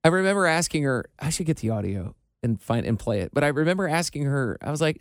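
A man's voice: fairly high pitch, sing-song, fast, dry recording. A male radio host in a studio, telling stories in a casual, self-deprecating way. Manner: chatty, storytelling, self-deprecating. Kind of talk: casual on-air chat.

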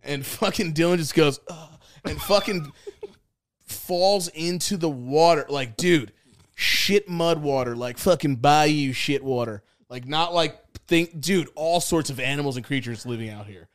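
A young man co-hosting a podcast, telling rambling, profane stories in casual chat and acting out loud quotes. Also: on the high side, a little slow. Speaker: podcast co-host.

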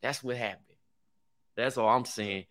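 A man's voice: mid-range voice, measured pace, fairly bright tone. A man co-hosting a podcast, talking brash, profane and slangy in casual chat. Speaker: podcast co-host.

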